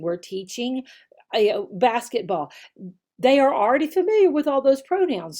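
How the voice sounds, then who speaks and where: A woman teacher explaining how to teach slides. She speaks patiently, checks in with "okay?" and says key words slowly and clearly. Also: fairly high pitch, darkish tone. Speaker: online English teacher.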